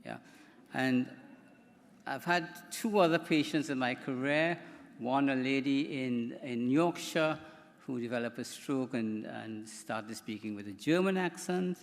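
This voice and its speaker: A man's voice: medium pitch, unhurried, creaky. Man presenting in a reverberant hall. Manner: chatty, rambling, with repeated words. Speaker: doctor giving a conference talk. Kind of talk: conference presentation. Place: conference hall. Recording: hall reverb from a microphone in a conference room.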